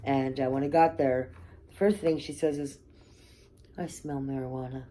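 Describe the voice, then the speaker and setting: A woman's voice: low-pitched, steady tone, normal speed, warm tone, slight background noise. A woman vlogger telling a personal story to camera, candid and blunt, swearing freely and checking in with "okay?" and "right?".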